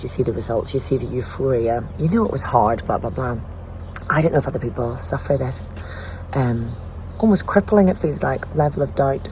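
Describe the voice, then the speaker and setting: A woman's voice: a bass voice, mellow, a little hiss or hum. A woman in her forties talking candidly to a camera on a bike ride outdoors, questioning herself, laughing often and sometimes getting emotional. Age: 40s. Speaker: vlogger training for a cycling event. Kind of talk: candid self-filmed monologue. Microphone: small camera carried while cycling.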